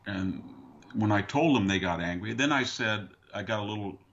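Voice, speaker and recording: A man's voice: fairly low pitch, animated, moderate pace, fairly bright tone, slight background noise. An older man, a guest on a talk show, telling long dry anecdotes in conversation and slipping into other people's voices to quote them. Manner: dry, anecdotal, mimics others mid-story. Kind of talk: conversational storytelling. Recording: dull lo-fi remote audio.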